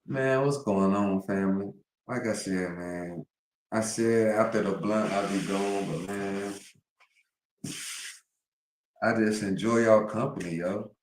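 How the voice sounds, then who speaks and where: A man's voice: fairly low pitch, unhurried, reverberant. A man streaming live, talking casually to his viewers, rambling and profane with heavy slang.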